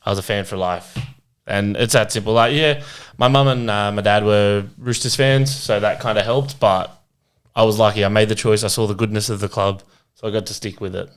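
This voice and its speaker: An Australian man with a fairly low voice chats casually on a podcast panel. He keeps it relaxed and throws in jokes. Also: brisk, smooth. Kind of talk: casual chat.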